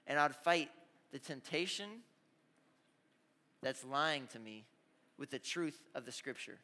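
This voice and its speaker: A young man preaching a youth sermon, telling stories with lively asides and calling out to the audience. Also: on the high side, normal speed. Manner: energetic storytelling with audience call-outs. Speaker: youth pastor. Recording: hall reverb.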